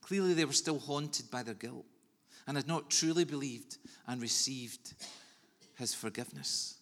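Man preaching in an echoing hall. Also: mid-range voice. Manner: earnest, measured delivery with soft pauses. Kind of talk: sermon. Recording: long reverb of a large hall.

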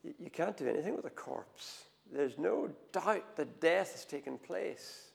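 Male preacher, gravelly and fairly high-pitched, animated sermon delivery, big hall echo. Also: unhurried. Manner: animated storytelling, swings from hushed to loud. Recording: long hall reverb.

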